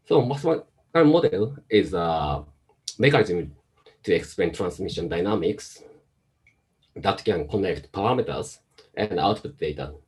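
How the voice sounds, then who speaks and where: A man with an accent mixing Chinese, Japanese and American, giving a measured talk over a video call. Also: low-pitched, darkish tone, breathy edge, rough recording. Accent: mix of Chinese, Japanese and American. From Hong Kong. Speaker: invited speaker, pediatrician and virus researcher. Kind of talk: online presentation talk.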